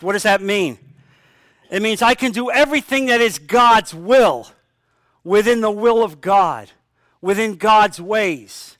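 A man delivers an emphatic sermon in a fairly high voice, repeating his key points and slipping into sample prayers. The sound is dry and close, with little room echo. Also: expressive, measured pace, a bit bright. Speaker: pastor.

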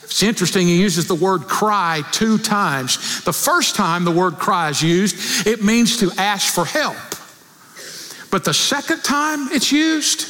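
A man preaching a sermon, acting out prayers and rising to near shouts. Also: high voice, expressive, a little slow, long reverb tail.

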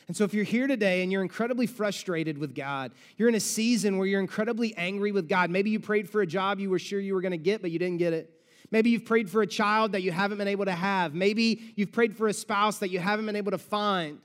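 A male pastor preaching a sermon with animated storytelling and dramatic pauses, in a large church auditorium. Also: sits high, long reverb tail.

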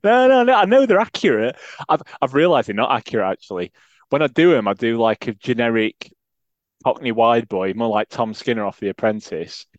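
A man co-hosting a podcast in casual chat, quick-witted and self-mocking, laughing often. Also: mid-range voice, animated, no echo, muffled recording. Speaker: podcast co-host.

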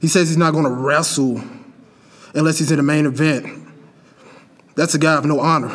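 A man's voice: a little high, normal speed. Defiant man in a wrestling interview. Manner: defiant, vowing revenge. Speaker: wrestler guest. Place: bar and grill.

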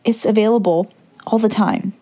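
Mellow-voiced woman musing as a podcast host. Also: medium pitch, steady tone, breathy edge. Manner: gentle, musing and unhurried, wandering off on asides. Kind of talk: reflective solo podcast.

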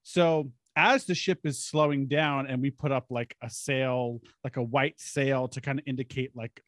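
A man's voice: mid-range voice, steady tone, moderate pace, dry recording, studio quality. A man hosting a podcast, animatedly telling a tabletop game story in a casual, chatty way. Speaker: podcast host.

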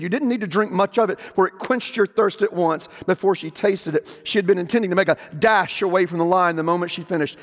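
A man preaching a sermon from the pulpit, emphatic, rising to loud proclamation when he quotes scripture. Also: on the high side. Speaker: pastor. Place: church sanctuary. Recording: long church reverb.

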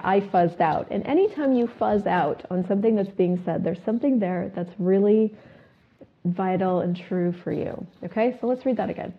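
A woman hosting a self-help talk show, asking her listeners questions and reciting a repeated clearing statement. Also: medium pitch, brisk. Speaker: host. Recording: phone-like narrow sound.

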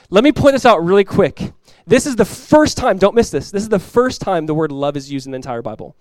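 Animated preaching man with a dry sound. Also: sits high, fairly quick, hardly any pauses, dry recording. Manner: animated preaching, acts out quoted voices, laughs. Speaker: pastor. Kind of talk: sermon. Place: church.

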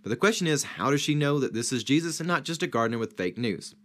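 A man leading a Bible study discussion. He teaches in a structured way, lays out numbered points and rhetorical questions, and leans hard on key words. His voice sits at a middle pitch. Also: expressive, fast talker, fairly bright tone.

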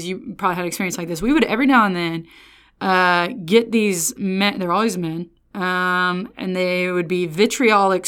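A woman's voice: mid-range voice, a bit bright, clean tone. A woman preaching, reading scripture and then telling a story from her student years in a chatty, folksy way, full of restarts, calling the listeners y'all. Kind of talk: sermon with personal storytelling.

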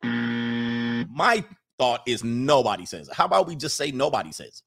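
Animated man riffing on a livestream. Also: medium pitch, moderate pace. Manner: animated, emphatic, repeats phrases for effect. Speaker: livestream host reading chat. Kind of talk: casual opinionated livestream chat.

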